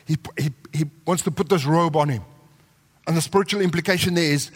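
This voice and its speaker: A man preaching a sermon, telling the story with animated delivery and acting out the characters' voices. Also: fairly high pitch, brisk, husky. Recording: long hall reverb.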